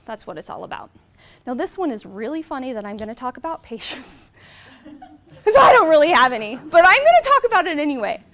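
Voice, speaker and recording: High-voiced woman giving an animated talk. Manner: animated, heartfelt storytelling. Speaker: motivational speaker. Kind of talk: inspirational presentation. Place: presentation room with a live audience.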